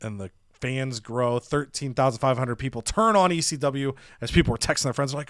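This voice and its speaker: Narrating his wrestling game's storyline, a gaming channel host voices the characters with animated energy. He speaks at medium pitch, a little fast, with hardly any pauses. The sound is clean studio audio with no room sound.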